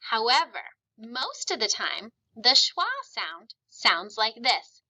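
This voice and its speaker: A woman teaching phonics with a very bright, clear tone that sits a little high. She is patient and encouraging, and she stretches out each vowel sound slowly so the children can copy it. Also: sing-song, poor audio. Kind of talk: classroom phonics lesson.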